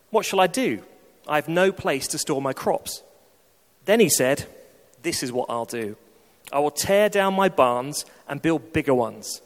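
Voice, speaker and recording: A man giving a steady, plain Bible reading aloud to a congregation. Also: fairly high pitch. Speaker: scripture reader. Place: church. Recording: long church hall reverb.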